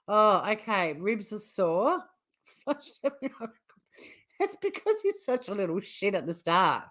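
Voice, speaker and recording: A woman hosting a casual true crime livestream, blunt and swearing freely, repeatedly breaking into helpless laughter. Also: lowish voice. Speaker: true crime YouTube host.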